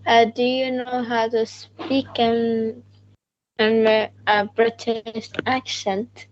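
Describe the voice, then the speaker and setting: A woman asks practice questions in slow, halting English, often restarting her sentences. The recording sounds dull and lo-fi. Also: on the high side, little pitch movement, no echo. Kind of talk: English speaking practice conversation.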